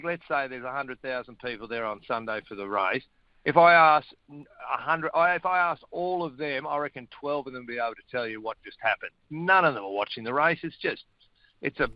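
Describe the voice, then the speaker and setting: A man's voice: fairly high pitch, no echo. Blunt Australian man on a dull line. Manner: blunt, opinionated, wry. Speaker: weekly guest commentator. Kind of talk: casual radio chat.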